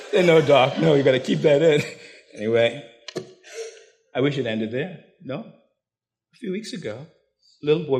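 An older man with a slightly high voice preaches a storytelling sermon. It swings from loud anecdotes full of laughter to hushed intensity.

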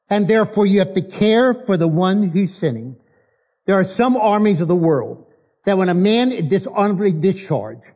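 High-voiced man preaching with mellow warmth. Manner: preaches with anecdotes and emphatic repetition. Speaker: guest preacher. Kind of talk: sermon.

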